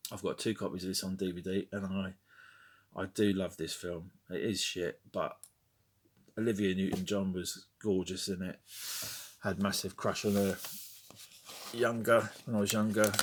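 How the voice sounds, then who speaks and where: A man's voice: sits low, steady tone, a little slow, pauses often, a little hiss or hum. A middle-aged man chatting casually as he looks through his record collection, wry and rambling, with muttered asides and snatches of sung tunes. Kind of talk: casual chat.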